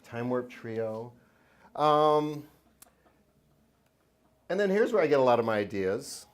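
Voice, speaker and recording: A man's voice: medium pitch, big pitch swings, takes it slowly. A man presents his books to a lecture-hall audience with a playful, self-mocking humor. He chuckles between lines and keeps a loose, joking tone. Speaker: children's book author giving a talk. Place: lecture hall at a university event.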